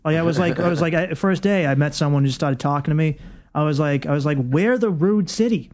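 A man's voice: on the high side, level tone, fast talker, a little mellow. A man with a South Boston accent, a comedian guest on a radio show, riffing wryly and sardonically in casual chat.

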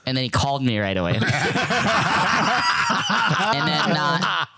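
A man's voice: medium pitch, wildly swooping pitch, a little slow, gravelly, heavy background noise. A man who is a guest on a podcast, rambling casually through a story and cracking jokes. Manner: loose rambling storyteller, joking. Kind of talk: casual chat.

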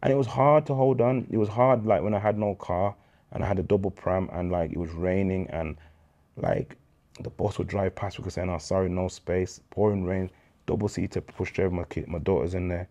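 A man's voice: low voice, steady tone, a little fast, mellow. A man, telling his faith story as an interview guest in a candid slang-filled way, acting out dialogue.

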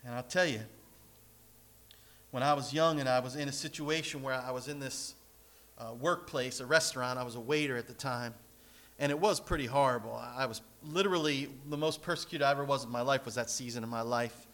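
A man preaching a sermon as pastor, animated, with sudden loud and soft passages and joking asides. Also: fairly quick. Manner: animated preaching with big swings in loudness and pitch, joking asides.

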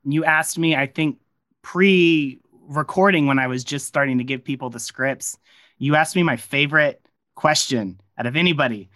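A man's voice: fairly high pitch, moderate pace, pushed and bright, no echo, studio quality. A man hosting a casual behind-the-scenes podcast interview about his audio drama, rambling into friendly tangents with lots of fillers.

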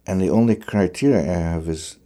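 A man with a very low, dark voice talks about his playing in a conversation. He is thoughtful, often pausing and restarting as he looks for the right words. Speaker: fiddler. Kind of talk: conversational reflection on music.

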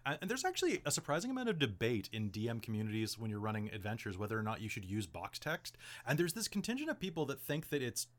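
A man's voice: medium pitch, huge pitch swings, fast, hardly any pauses, fairly bright tone. A man hosting a casual podcast, giving game-master advice in a chatty, rambling way full of "like" and "um". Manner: chatty, rambling, heavy use of "like" and "um".

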